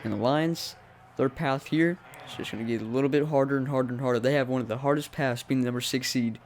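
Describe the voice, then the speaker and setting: A young man giving casual play-by-play commentary over a football video game, talking to the teams on screen and jumping high when surprised. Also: fast talker, a little hiss or hum. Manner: chatty, talks to the teams on screen. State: voice cracking. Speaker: gaming commentator.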